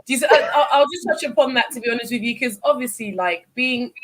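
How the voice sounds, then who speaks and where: A woman's voice: on the high side, fast talker. A woman from the UK, co-hosting a casual chat, emphatic, who often calls people sis. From born in Cameroon, raised in the UK. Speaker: co-host.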